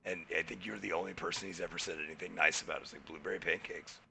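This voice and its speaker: A man co-hosting a casual podcast, his very low voice gravelly yet sharply bright. He tells stories in an animated way and mimics the people he talks about. A faint noise sits behind him. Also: fast. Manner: animated, acts out quoted people in his anecdotes. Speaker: podcast co-host. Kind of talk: casual storytelling chat.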